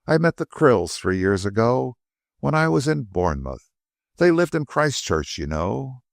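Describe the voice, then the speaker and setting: A man's voice: mid-range voice, big pitch swings, unhurried, gravelly, no room sound, studio quality, pitched above the performer's own voice. A man narrating an audiobook, voicing a nervous young swindler who pleads and denies everything. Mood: confessing. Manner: pleading, stammering denials.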